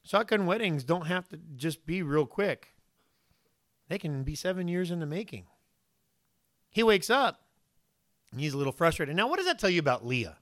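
A man preaching a sermon in an animated way, often putting questions to his listeners and briefly voicing the people in the story. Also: a little high, moderate pace, pauses often, dry recording, studio quality. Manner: animated, asks the listeners questions, voices the figures.

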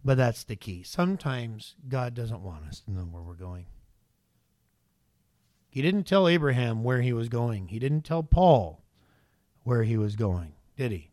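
A man's voice: mid-range voice, big pitch swings, measured pace, a little mellow, dry recording. A male pastor preaching a sermon in a conversational way, often turning to the congregation with rhetorical questions.

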